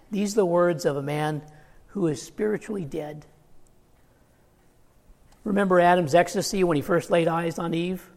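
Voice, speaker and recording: High gravelly preacher in a hall. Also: male voice, normal speed, long pauses. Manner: earnest, emphatic, quoting scripture in acted asides. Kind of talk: sermon.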